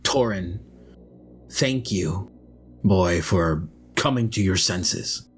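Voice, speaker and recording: A soothing, menacing old villain who talks like a false father, played by a man. He coaxes slowly and evenly, his voice quietly sinister, over faint music. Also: low voice, animated, husky, voice pushed down, full character voice.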